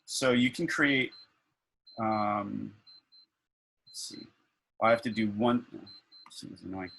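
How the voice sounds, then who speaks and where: Male workshop instructor, lowish voice, loose thinking-aloud demo style over a video call. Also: slow, gravelly, fairly bright tone, low-quality recording. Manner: thinking aloud with many fillers and restarts. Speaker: instructor leading a faculty workshop. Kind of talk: online workshop demonstration.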